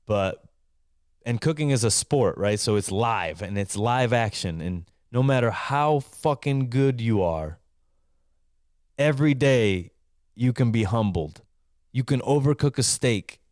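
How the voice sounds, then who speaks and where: A man's voice: mid-range voice, animated, a little slow, a little mellow, no echo, clean studio sound. A man who is a chef hosting a live call-in show, telling a kitchen story in casual, profane, emphatic talk and often asking "right?".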